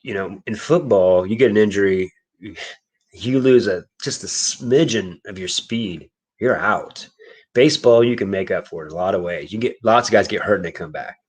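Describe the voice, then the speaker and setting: A man with a somewhat low voice rambles through a casual story, chuckling between thoughts. He talks like a reseller chatting with friends, easygoing and loose. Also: moderate pace, slightly rough. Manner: rambling storyteller, laughs often. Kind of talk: casual chat.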